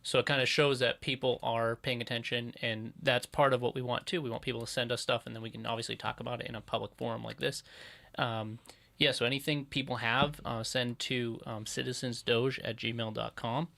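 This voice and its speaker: Casting: male co-host, gravelly and bright, making quick informal announcements. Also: mid-range voice, little pitch movement. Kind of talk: casual political talk.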